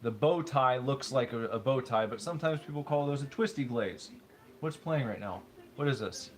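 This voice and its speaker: A man's voice: mid-range voice, expressive, normal speed. A man co-hosting a casual livestream, bantering dryly and stubbornly defending his odd pronunciations. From United States. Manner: stubborn, dry, argues pronunciation. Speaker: livestream co-host. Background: faint game music.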